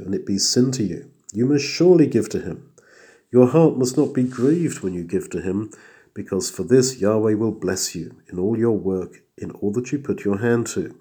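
A man with a low, warm, mellow voice delivering an expository sermon. He reads scripture aloud and then explains it earnestly, sometimes acting out people's inner thoughts in a chatty aside. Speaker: preacher.

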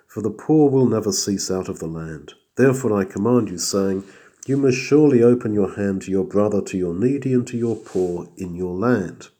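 Guy preaching a bible sermon, lowish mellow voice, reads the verses then explains them earnestly. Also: normal speed. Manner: acts out inner thoughts in a chatty aside voice. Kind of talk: expository sermon.

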